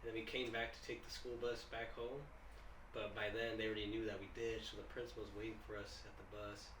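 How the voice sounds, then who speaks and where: A man telling a story on a podcast in a quiet, laid-back, halting way. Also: fairly low pitch, flat delivery. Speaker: podcast co-host. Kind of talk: casual storytelling. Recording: distant mic in an echoey room with background noise.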